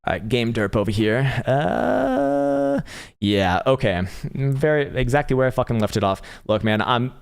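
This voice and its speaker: A man's voice: mid-range voice, moderate pace, hardly any pauses. An American man in casual live-stream commentary, reading viewer comments aloud and talking through charts in a laid-back, profane way. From United States. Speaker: livestream trading analyst.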